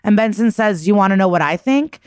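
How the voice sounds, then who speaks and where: A woman's voice: medium pitch, lively intonation, brisk, a little mellow, clean tone, no room sound. Female podcast co-host, chatty and swearing, dry close-miked sound. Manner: chatty, profane, acts out quoted lines. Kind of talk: casual episode recap.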